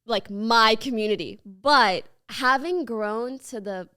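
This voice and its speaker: A woman in her twenties, a guest streamer chatting casually on a podcast, animated and quick to laugh. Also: on the high side, smooth. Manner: animated, laughing, filler-heavy.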